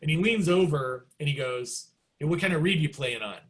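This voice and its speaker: A middle-aged man, a guest musician, telling stories in a casual interview and acting out quotes with big jumps in pitch. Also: lively intonation, fairly quick.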